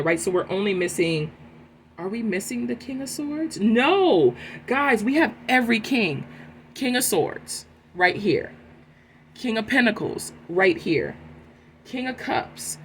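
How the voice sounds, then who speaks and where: Animated woman giving a tarot reading. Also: medium pitch, slight background noise. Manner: animated, emphatic, keeps adding "right?". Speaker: tarot reader.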